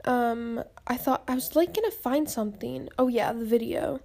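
A woman's voice: fairly high pitch, normal speed, vocal fry, darkish tone. A young woman hosting a casual podcast from home, out of breath, chatty and rambling. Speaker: podcast host. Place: home, indoors.

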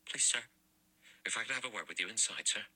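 A man's voice: lowish voice, fairly quick, bright, forceful tone, husky, pitched above the performer's own voice, full character voice, low-quality recording. A man reading an audiobook voices a deferential male butler who keeps saying sir and sounds shaken. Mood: anxious.

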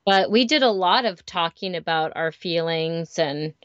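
A woman's voice: on the low side, animated, measured pace, fairly bright tone, no echo. A woman, a parent and teacher, chatting candidly in a casual conversation and telling stories about home and work. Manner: candid, storytelling, chatty with fillers. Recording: slightly dull lo-fi sound.

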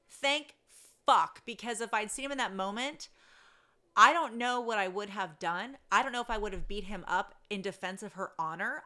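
A woman telling a story in a casual rant, blunt and profane, swinging between loud outbursts and low asides.

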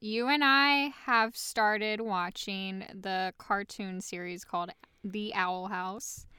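A woman's voice: medium pitch, fairly even intonation, slow, sharp tone, clean tone, no room sound, clean studio sound. A woman co-hosting a podcast, talking casually with wry, teasing asides. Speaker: podcast co-host. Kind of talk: casual chat.

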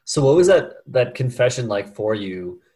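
A man hosting an interview, gently prompting his guest with curious questions. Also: mid-range voice, big pitch swings, normal speed. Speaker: host.

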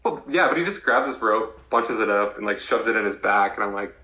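Young male podcast co-host, casual recap, bright voice, lowish pitch, roomy echo. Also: animated, a little fast. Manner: laid-back, lots of "like" fillers, acts out characters' lines. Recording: echoey room.

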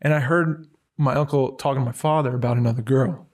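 A man's voice: medium pitch, fairly even intonation, quick pace, a little mellow, distant mic. A man in a casual conversation, telling personal stories in a rambling way with many fillers and restarts.

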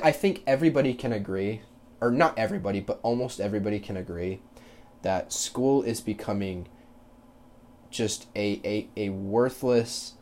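A young man hosting a solo podcast, ranting bluntly and profanely about kids and school, with loud mocking quotes. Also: fairly low pitch. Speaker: podcast host. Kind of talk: casual solo podcast rant.

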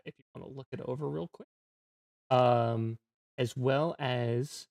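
A man's voice: medium pitch, darkish tone, no room sound. A man narrating a tabletop game as game master, casual and full of fillers and restarts. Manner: casual, filler-heavy, halting.

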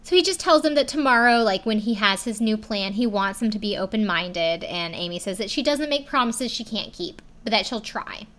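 A woman's voice: mid-range voice, lively intonation, moderate pace, few pauses, fairly bright tone. A young woman casually recapping a story, filling her talk with "like" and dropping the odd swear word. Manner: chatty, lots of "like" fillers, casual swearing. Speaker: video recapper.

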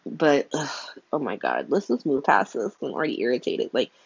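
A woman's voice: low voice, very animated, normal speed, gravelly, breathy edge, no room sound, highs cut off. A woman casually recapping a soap opera episode from home, candid and exasperated, swearing and peppering her talk with "like". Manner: candid, exasperated, profane, lots of "like". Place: home room by a window.

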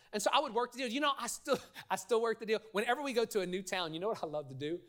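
A middle-aged pastor delivers a sermon in a church. His voice sits high for a man, and he tells stories with energy, pulling the congregation into call-and-response. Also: very fast, hardly any pauses. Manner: lively storytelling with audience call-and-response. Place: church sanctuary.

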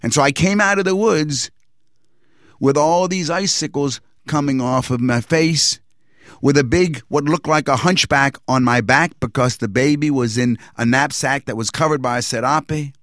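A man's voice: medium pitch, a bit bright, no room sound, clean studio sound. Earnest man telling his testimony. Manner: earnest, reflective retelling with pauses and restarts. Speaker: person giving a religious testimony. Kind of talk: personal testimony storytelling.

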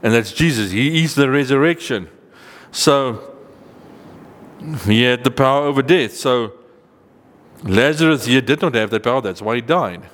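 A man preaching in an earnest, emphatic way, slowing down to read verses aloud and lifting his voice on the points he wants to drive home. His voice has a mid pitch and carries a long, echoing reverb. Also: animated, a bit bright. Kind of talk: sermon teaching with scripture reading.

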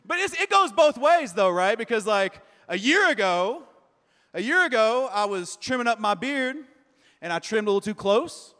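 A man's voice: very high-pitched, big pitch swings, moderate pace, pushed and bright, in a large hall. A male pastor preaching a sermon in a casual, conversational way, telling self-deprecating stories full of fillers.

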